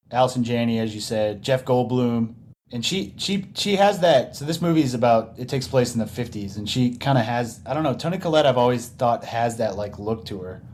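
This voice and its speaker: A man guesting on a movie podcast, speaking softly and thoughtfully. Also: mid-range voice, a little hiss or hum. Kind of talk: casual movie podcast chat.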